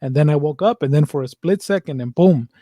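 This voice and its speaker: A man's voice: a little high, fairly quick, mellow, no echo, clean studio sound. A young man co-hosting a podcast, talking bluntly and emphatically about his own anxiety, with heavy swearing. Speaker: podcast co-host. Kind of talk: casual conversation.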